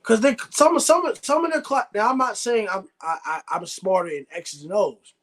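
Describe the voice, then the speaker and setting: A young man streaming live commentary on a football game, reading chat aloud and arguing excitedly about the coaching. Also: sits high, moderate pace.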